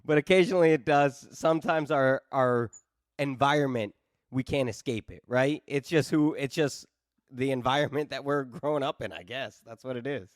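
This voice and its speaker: Enthusiastic podcast host with a Boston accent. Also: male voice, medium pitch, moderate pace, no room sound, clean studio sound. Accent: New England (Boston). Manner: enthusiastic, swears freely, says "dude" a lot. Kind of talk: casual podcast chat.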